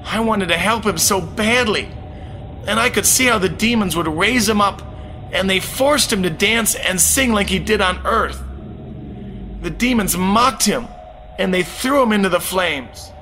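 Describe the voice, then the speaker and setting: A man recounting a spiritual testimony in an earnest, dramatic voice that sits high and swings widely in pitch. He speaks slowly, with a bright tone. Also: animated, a little hiss or hum. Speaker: testimony narrator. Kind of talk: first-person spiritual testimony.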